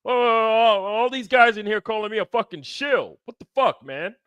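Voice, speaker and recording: A man putting on an indignant, higher-pitched outraged guy. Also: animated, measured pace, bright, forceful tone, clean tone, dry recording, full character voice. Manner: profane, exasperated outbursts. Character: indignant man accused of being a shill.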